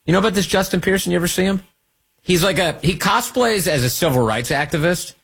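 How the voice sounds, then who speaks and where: A man hosting a political talk radio show, mocking and animated, sometimes squealing up high to mimic people. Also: quick pace, slightly rough. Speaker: radio host.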